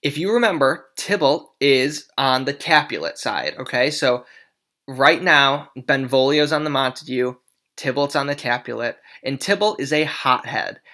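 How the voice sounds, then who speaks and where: A young adult teacher walks a class through a play in a relaxed, casual way. The teacher keeps checking in with the listeners as the explanation goes along. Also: mid-range voice, a little slow. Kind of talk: classroom lesson.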